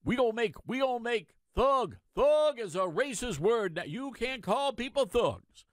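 A man's voice: very high voice, expressive, a little slow, no room sound, studio quality, voice pushed up. A man putting on a raised, mocking voice for someone declaring new rules. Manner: loud, mocking.

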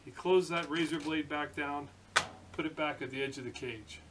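A man's voice: fairly high pitch, normal speed. A man in his late fifties casually telling a long joke in a folksy, rambling way, with many fillers and restarts. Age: late 50s. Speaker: hobby machinist video host. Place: home workshop. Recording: distant mic with faint hiss.

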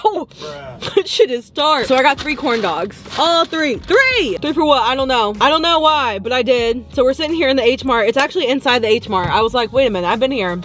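Young woman, lively sing-song pitch, excitable and foul-mouthed, casual vlog from a car. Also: a little hiss or hum. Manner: excitable, swears freely, bursts of loud glee. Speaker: vlogger. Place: parked car.

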